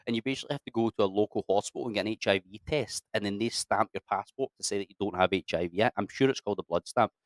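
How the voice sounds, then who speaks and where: Blunt, sweary man, lowish voice. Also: rapid-fire, few pauses, dry recording. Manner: blunt, sweary, says mate and lads. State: keeps clearing his throat. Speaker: guest, army veteran. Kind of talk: casual storytelling interview.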